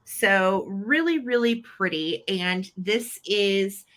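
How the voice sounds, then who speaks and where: A woman's voice: medium pitch, animated, slow pace, fairly bright tone. A woman hosting a live online vintage sale, chatty and upbeat as she describes each item. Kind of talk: live online sales chat.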